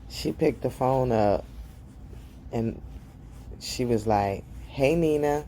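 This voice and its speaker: A woman giving a casual, gossipy recap of a TV episode to her viewers. She is animated and acts out the characters' lines in high voices. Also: slow pace, a little hiss or hum. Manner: chatty, gossipy, talks straight to viewers as "girl". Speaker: show recap host.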